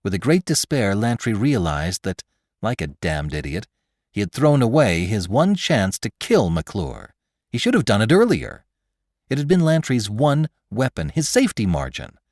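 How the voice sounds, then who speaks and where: A man narrating a story in a dramatic, expressive reading style. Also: on the low side, normal speed, no room sound. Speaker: podcast host and narrator. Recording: dry close studio sound.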